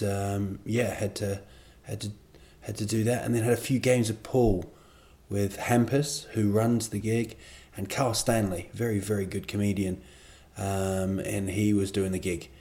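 A man's voice: fairly low pitch, dark tone. A man, a comedian, talking alone on his podcast in a casual, rambling, self-deprecating way, drifting from one digression to the next. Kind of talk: casual solo podcast monologue.

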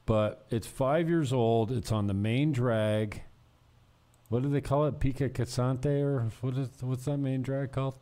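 A man's voice: mid-range voice, fairly even intonation, unhurried, dark tone. A man hosting a casual chat, laid-back, swearing now and then and trailing off mid-sentence.

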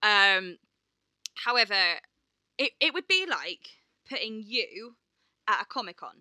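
A woman's voice: mid-range voice, sing-song, measured pace, pushed and bright, no echo, clean studio sound. A woman co-hosting a casual chat, telling stories with swearing and acted quotes. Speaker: podcast co-host and performer.

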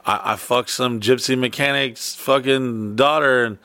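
A man telling stories in casual chat, rambling and profane with quick bursts. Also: medium pitch, steady tone, bright, forceful tone, no echo.

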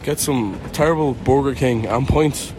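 A man's voice: medium pitch, a little slow. A young Irish man co-hosting a podcast, chatting in a jokey, self-mocking way while walking around a city. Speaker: podcast co-host. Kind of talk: casual travel chat. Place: outdoors and in an airport, walking through a city.

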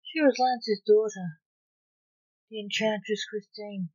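Woman reading a short story out loud, mid pitch, real slow, muffled sound. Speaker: narrator. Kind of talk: storybook narration. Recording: dull lo-fi recording.

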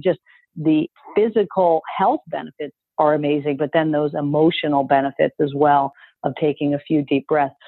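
Upbeat husky woman coach on a call. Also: deep voice, no echo. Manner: upbeat, emphatic, coaxing listeners to repeat phrases. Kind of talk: motivational coaching talk. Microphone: call audio. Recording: dry tinny phone-like call audio.

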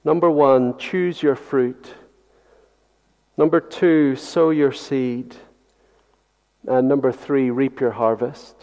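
A pastor with a steady, medium-pitched, slightly mellow voice preaches a Sunday sermon, taking it slowly and pausing often. He is earnest, repeats key phrases, and asks the congregation rhetorical questions. The church audio is dull with long hall reverb.

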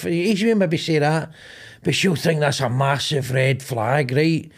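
A man's voice: on the high side, unhurried. A middle-aged man with a Glaswegian Scottish accent hosting a podcast, telling rambling, sweary stories and acting out both sides of arguments. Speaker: podcast host. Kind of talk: casual comedic chat.

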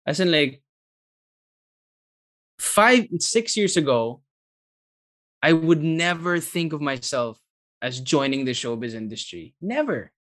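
A man's voice: on the high side, expressive, slow, long pauses, a bit bright. Chatty young man switching between languages. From United Kingdom. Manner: mixes English and Tagalog, chatty with many fillers. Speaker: guest actor. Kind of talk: casual chat.

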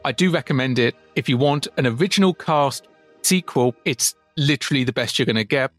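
A man's voice: medium pitch, a little fast, fairly bright tone, dry recording, soft background music. A man co-hosting a podcast, chatting casually in a blunt, sweary and wry way. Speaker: podcast co-host. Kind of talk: casual chat.

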